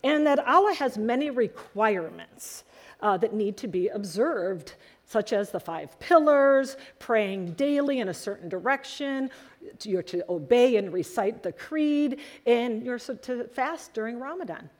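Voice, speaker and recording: A woman preaching a sermon to her congregation, telling stories in an earnest, animated way. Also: fairly high pitch, measured pace. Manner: earnest storytelling, animated emphasis.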